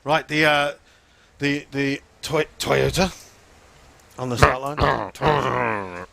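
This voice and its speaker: Laid-back trackside announcer. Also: male voice, medium pitch, steady tone, takes it slowly, creaky, crowd noise. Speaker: event commentator. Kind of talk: live event commentary.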